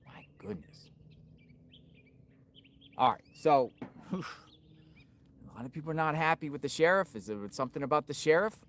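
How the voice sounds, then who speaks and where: A man hosting a livestream from outdoors, giving excitable, rambling on-the-spot commentary. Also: a little high, fast talker. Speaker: livestream host. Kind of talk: live on-location commentary.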